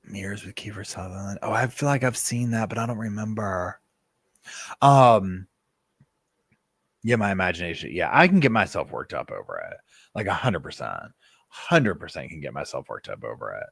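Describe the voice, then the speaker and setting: Lively man telling stories. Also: low voice, moderate pace, vocal fry, breathy edge, no room sound. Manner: animated storytelling, many fillers and asides. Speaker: live stream host. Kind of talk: casual live chat.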